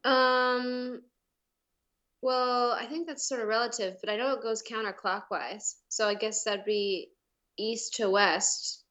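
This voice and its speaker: Bubbly woman guest, slightly high voice, chatty with "um"s and "like"s. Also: steady tone, takes it slowly, fairly bright tone, lo-fi sound. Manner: bubbly, laughing, hesitant fillers. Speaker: violinist guest. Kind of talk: casual chat.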